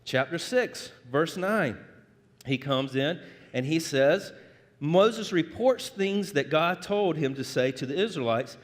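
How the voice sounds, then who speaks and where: Man preaching in a church sanctuary, high and animated, conversational delivery with a long hall reverb. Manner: conversational, animated, joking with the congregation. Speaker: pastor. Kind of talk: sermon.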